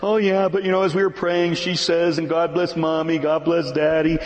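A man's voice: a little high, level tone, normal speed, echoey room, big-room sound, voice pushed up, lightly acted. A man voicing a tearful mother who tells her pastor about her daughter's prayer, in a sermon. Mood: distraught. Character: tearful mother in church, upset and pleading.

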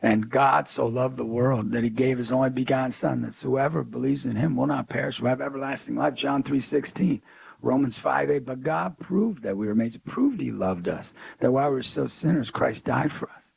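Brisk and husky with some vocal fry, this mid-range male voice belongs to a youth speaker being interviewed. He spins his stories with emphasis and energy, performing the voices of those he quotes in a lively storytelling interview.

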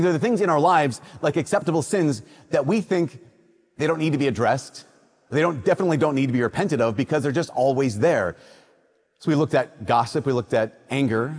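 A man's voice: on the high side, breathy edge. A man from Minnesota, a priest, reading the Gospel and preaching a casual, conversational homily in a church. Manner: conversational storytelling with lively quoted voices. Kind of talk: sermon. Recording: long church reverb.

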